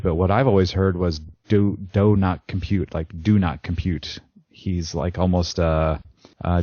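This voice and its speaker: A man with a very low, dark voice joins a podcast as a guest and talks in a relaxed, agreeable way. The recording is dry, with no room sound, and a bit lo-fi. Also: no room sound. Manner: relaxed, agreeable, chuckles often. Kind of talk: casual podcast discussion.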